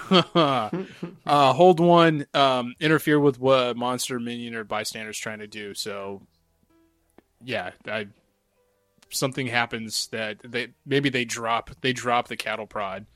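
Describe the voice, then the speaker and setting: A man's voice: medium pitch, steady tone, slow, fairly bright tone, dry recording, soft background music. A man playing in a tabletop game, joking around casually. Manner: joking, laughs often. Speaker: player.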